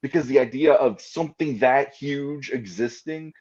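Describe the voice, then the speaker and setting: A man's voice: mid-range voice, moderate pace, a little mellow, highs cut off. A man chatting casually as a podcast co-host, telling rambling, self-mocking stories and laughing often. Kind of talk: casual chat.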